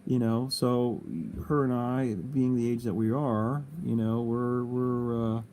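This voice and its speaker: A man's voice: medium pitch, level tone, slow pace, mellow, slight background noise. A middle-aged man hosting a casual livestream, rambling and swearing freely, with lots of "you know". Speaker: livestream host.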